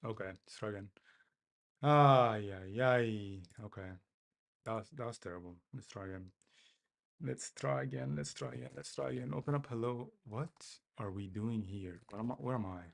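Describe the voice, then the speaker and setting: Male developer, husky fry in the voice, casual live-coding talk, mutters and laughs at his own mistakes. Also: fairly low pitch, moderate pace. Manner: mutters to himself, self-mocking, repeats phrases.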